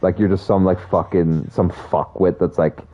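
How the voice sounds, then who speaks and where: A man's voice: low voice, moderate pace. Profane rambling young man. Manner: profane, rambling, animated storytelling. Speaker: streamer talking to chat. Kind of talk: casual rambling chat. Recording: slightly dull sound with faint music. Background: faint music.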